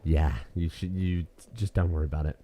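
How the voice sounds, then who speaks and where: A man's voice: low-pitched, steady tone, a little fast, mellow, slight background noise. A man casually commentating a video game with his co-host, teasing her and reading out viewer comments with plenty of swearing.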